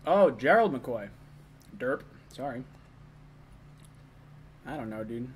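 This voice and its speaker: A man's voice: mid-range voice, lively intonation, slow, a little hiss or hum. A young man hosting a casual live stream, chatting loosely, reading chat messages and talking while eating.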